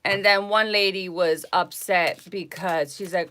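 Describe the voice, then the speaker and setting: A woman hosting a live tarot stream, telling stories to her viewers in an animated, indignant way with frequent asides. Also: fairly low pitch, measured pace, few pauses.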